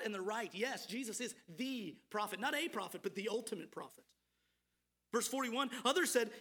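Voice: medium pitch, lively intonation, moderate pace, fairly bright tone. Earnest preacher asking searching questions. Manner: earnest, repeated rhetorical questions to listeners. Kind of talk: sermon.

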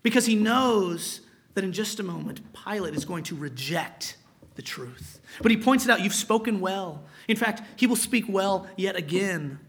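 A man's voice: sits high, lively intonation, moderate pace, fairly bright tone. A male pastor preaching a sermon, reading scripture aloud and explaining it, sometimes dropping to a whisper for emphasis.

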